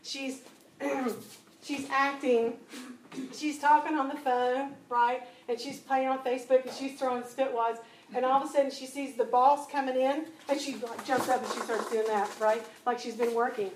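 A woman giving a spoken testimony to a church audience, telling stories with lively acted-out dialogue. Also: sits high, moderate pace. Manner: animated storytelling, acting out dialogue. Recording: echoey room, distant mic, faint noise.

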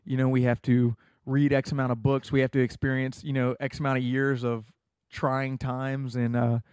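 A man's voice: mid-range voice, flat delivery, normal speed, darkish tone, clear, resonant tone, no room sound, clean studio sound. Earnest young man telling his story. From United States. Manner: earnest storytelling, many fillers. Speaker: guest. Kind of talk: casual testimony interview.

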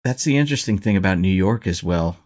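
Low-voiced male interviewer. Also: lively intonation, fast talker, a little mellow. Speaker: interviewer, host. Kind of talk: casual interview conversation.

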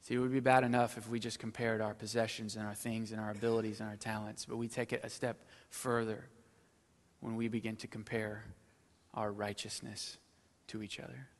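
A middle-aged man preaching a sermon as pastor, swinging between loud emphatic stretches and low, quiet asides. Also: little pitch movement, a little fast, in a large hall.

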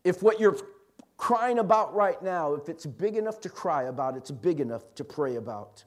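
A pastor preaching a sermon, swinging from quiet, intimate asides to loud, emphatic lines and repeating key phrases. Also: male voice, fairly high pitch, lively intonation, normal speed.

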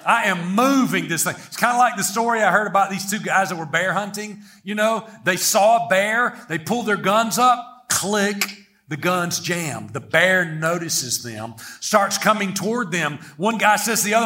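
A middle-aged male preacher delivering a lively, humorous sermon. His voice sits high for a man and has a bright, forceful edge. He draws the congregation into call-and-response, repeating lines aloud with them. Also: a little slow. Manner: energetic, playful, leads the congregation in call-and-response.

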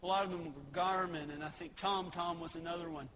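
A male pastor preaching in a church with a long reverb trailing each phrase and a faint hiss behind. His voice sits high and bright, and he mixes plain teaching with homespun, joking stories. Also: steady tone, brisk. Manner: folksy, joking storytelling between points. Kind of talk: sermon. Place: church sanctuary.

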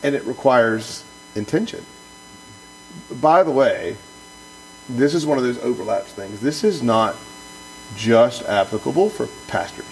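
A pastor speaks with a gravelly, creaky edge, reading passages aloud and then riffing on them earnestly and emphatically. His voice sits at an ordinary middle pitch, and he often stumbles and repeats words as he chases a point. A faint electrical hum runs underneath. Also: expressive, measured pace, long pauses, poor audio. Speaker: pastor and podcast co-host. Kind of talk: book discussion podcast, reading aloud then commenting.

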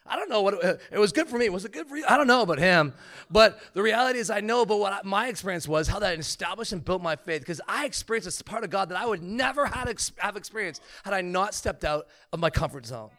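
A man in his thirties telling a humorous testimony story as a preacher, animated and joking. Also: sits high, quick pace. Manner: animated, joking, acts out quotes.

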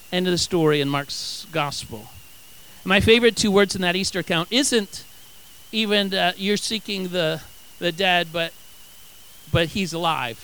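A man with a high, bright, forceful voice preaches a sermon. He reads scripture aloud and then acts out the quotes with animated energy. He often stumbles and restarts his phrases. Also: clean tone, poor audio. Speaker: pastor.

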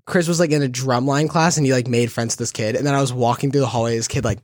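A man's voice: medium pitch, fairly even intonation, quick pace, darkish tone, no room sound, studio quality. A young man telling casual stories as a podcast guest, laid-back, with lots of fillers and swearing. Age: young adult. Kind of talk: casual storytelling.

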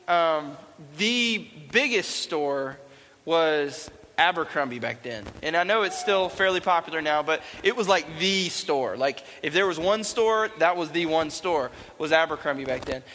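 A man's voice: high voice, pushed and bright. A young man giving a playful, chatty youth talk to a live audience in a large hall. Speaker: youth speaker.

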